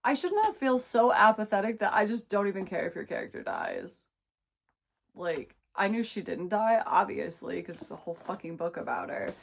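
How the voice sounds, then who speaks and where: A woman talks through a book review in a loose, casual vlog. She sounds exasperated, swears freely and leans hard on her words. Her voice sits at an ordinary middle pitch. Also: normal speed, gravelly. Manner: expressive, emphatic.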